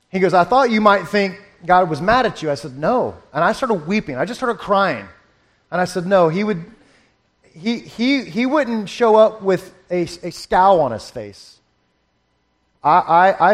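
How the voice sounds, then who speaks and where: A middle-aged man preaching a sermon, earnest and halting, often restarting his sentences. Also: high-pitched. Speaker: pastor.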